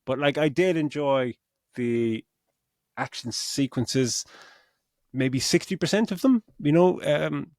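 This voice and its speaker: A man's voice: on the high side, slow pace, darkish tone, dry recording. Man, middle-aged, podcast co-host, rambling film talk, swears, acts out reactions, dry close sound. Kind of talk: casual film review chat.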